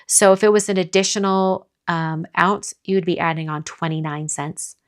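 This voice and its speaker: A middle-aged Southern American woman hosts a card-making live stream, chatting casually in a lowish, steady, smooth voice at a moderate pace. She reads viewer comments aloud and responds to them.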